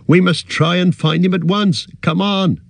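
A man's voice: lowish voice, a little slow, a little mellow, no room sound, studio quality, lightly acted. A man doing a loyal, rustic hobbit servant. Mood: urgent. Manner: earnest, plain-spoken rustic talk. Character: loyal stout-hearted male hobbit servant, earnest and rustic. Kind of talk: audiobook character voice.

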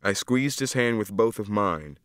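A man reading first-person literary narration for an audiobook, measured and unhurried, on a close studio mic. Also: lowish voice, animated, a bit bright, clean tone, no room sound.

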